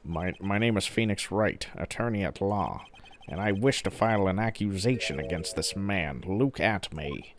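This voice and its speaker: A man's voice: deep voice, expressive, normal speed, noisy background. A man voicing an earnest young male defense lawyer who speaks hesitantly.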